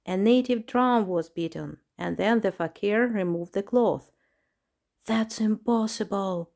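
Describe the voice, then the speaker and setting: A woman narrating a children's storybook in a steady, even reading voice. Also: mid-range voice, a little slow, creaky.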